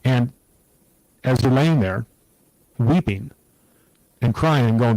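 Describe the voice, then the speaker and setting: A middle-aged man as an interview guest, telling a personal story in an earnest, reflective, steady way. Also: medium pitch, slow pace, no echo, low-quality recording.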